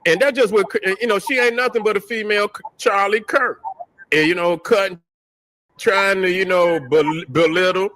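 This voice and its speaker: A man's voice: sits high, fairly even intonation, moderate pace, a bit bright, poor audio. A man hosting a show, ranting in a profane, joking, trash-talking way and laughing at his own jokes. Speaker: podcast host. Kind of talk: casual commentary rant.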